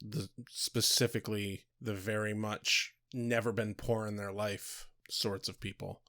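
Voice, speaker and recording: A man speaks bluntly in casual podcast chat, swearing freely as he makes his points. His voice is of middle pitch for a man. The recording is dry, with no room sound. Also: level tone, a little slow, a bit bright, dry recording. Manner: blunt, profane ranting. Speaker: podcast co-host.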